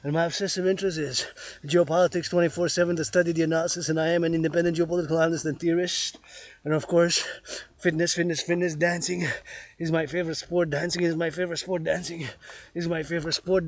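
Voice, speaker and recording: A man's voice: fairly high pitch, flat delivery, quick pace, vocal fry. A man vlogging outdoors on a forested mountain trail, rambling and repeating words and phrases over and over. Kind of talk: rambling vlog monologue.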